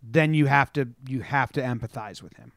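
A young man co-hosting a casual sports podcast, telling stories in an animated way and acting out what people said, with plenty of swearing. His voice sits at an ordinary pitch and is recorded dry and close, with no room around it. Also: moderate pace, dry recording. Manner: animated storytelling, acts out quotes, swears. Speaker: podcast co-host.

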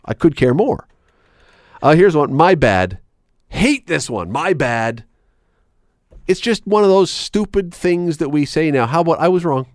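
Male radio host, opinionated and sarcastic, animated delivery, dry close studio sound. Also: unhurried, long pauses, dry recording. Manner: emphatic, sarcastic, wide swings in pitch. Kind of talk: opinionated talk radio rant.

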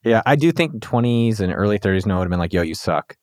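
A man's voice: lowish voice, animated, rapid-fire, no echo, studio quality. A man hosting a podcast, talking in an upbeat, slangy, casual way with his guest. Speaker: podcast host.

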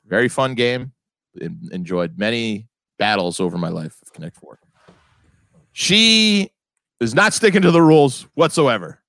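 A man's voice: mid-range voice, very animated, a little slow, vocal fry, no echo. A man co-hosting a comedy podcast, telling rambling stories with frequent laughs. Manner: rambling storyteller, laughs often, puts on loud voices for quotes. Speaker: podcast co-host. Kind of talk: casual comedic chat.

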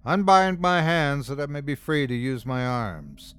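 A man's voice: medium pitch, expressive, a little slow, a bit bright, clear, resonant tone. A man playing an old, defiant image maker. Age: older. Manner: pleading then firm.

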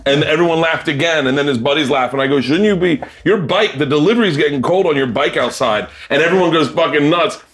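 Talking fast with barely a pause, this middle-aged man's voice leans high as he recounts comedy-club anecdotes in relaxed chat. He laughs a lot, stays animated and performs the quoted voices.

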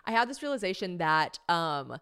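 A woman hosting a podcast, telling a comic story in a casual, animated way, swearing freely, mocking herself and acting out what people said. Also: on the low side, moderate pace, clear, resonant tone. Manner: animated, swearing, self-mocking, acts out quotes. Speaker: podcast host.

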